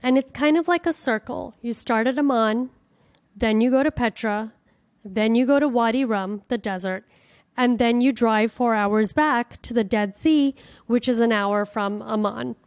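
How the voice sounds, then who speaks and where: A woman's voice: on the high side, measured pace, dry recording. Chatty woman telling a travel story. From United States. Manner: chatty, animated, swears casually. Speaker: podcast host. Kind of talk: casual storytelling.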